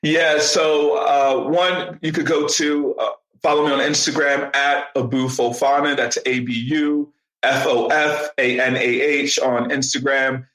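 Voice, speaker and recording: A young man, a digital marketing strategist appearing as a podcast guest, animatedly tells stories in a casual interview and acts out what people said. His mid-range voice moves at a measured pace, and the audio is reverberant and poor.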